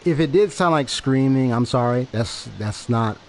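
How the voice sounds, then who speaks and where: Streaming a game with a desk microphone, a man chats casually with viewers, rambling and going over the same ground as he explains himself. He speaks at a moderate pace in a mid-range voice with lively intonation, and there's slight background noise.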